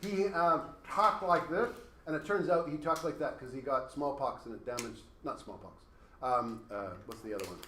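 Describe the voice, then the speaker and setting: A man's voice: mid-range voice, a little fast, fairly bright tone. A man teaching a class, talking casually and working through hypothetical examples. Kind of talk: classroom lecture. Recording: echoey classroom with faint noise.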